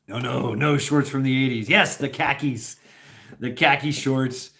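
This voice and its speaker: A man's voice: mid-range voice, steady tone, unhurried, pushed and bright. A man talking in a casual, rambling livestream chat, restarting sentences often and chuckling as he goes. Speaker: host.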